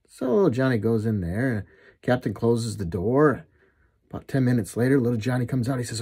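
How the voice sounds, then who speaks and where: A man's voice: medium pitch, big pitch swings, a little fast, a little mellow, slightly rough. A middle-aged man telling dirty jokes, laughing at his own punchlines. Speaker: joke teller.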